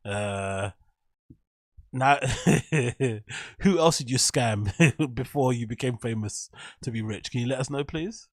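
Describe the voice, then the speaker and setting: A man's voice: medium pitch, takes it slowly, no echo, clean studio sound. A man giving rambling, profane reaction commentary as host, laughing often.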